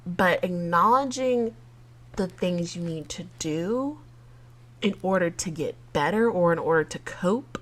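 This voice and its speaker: Woman podcast host, solo casual monologue, giggly and emotional, unhurried delivery. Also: on the low side, animated. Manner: chatty, giggly and emotional, with frequent laughs and fillers.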